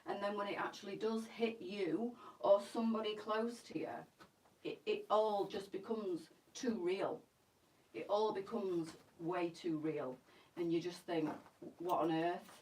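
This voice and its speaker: A woman's voice: mid-range voice, fairly even intonation, a little slow, a little mellow, breathy edge, far from the mic. A middle-aged woman hosting a live boutique sales stream, chatty and emotional, close to tears as she talks to viewers. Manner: emotional, tearful, chatty, addresses viewers as girls. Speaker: live-selling boutique host. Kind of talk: live shopping stream chat.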